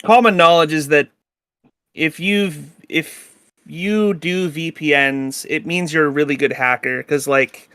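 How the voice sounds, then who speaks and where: A man's voice: a little high, steady tone, a little slow, a bit bright, clear, resonant tone, dry recording, studio quality. A young man narrating as game master in a tabletop game, casual and rambling, with lots of filler words. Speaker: dungeon master.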